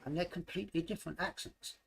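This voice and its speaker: A man's voice: fairly high pitch, fairly even intonation, fast, creaky, a bit bright, a little hiss or hum. A middle-aged man from London with a London accent, chatting casually on a livestream and rambling with lots of fillers. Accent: London English. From London, England. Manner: rambling, hesitant with many fillers. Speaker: livestream host. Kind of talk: casual chat.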